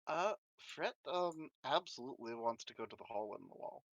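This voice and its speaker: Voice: medium pitch, animated, fairly quick, dry recording. A player in a tabletop game, speaking hesitantly with many fillers. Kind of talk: casual tabletop game chat.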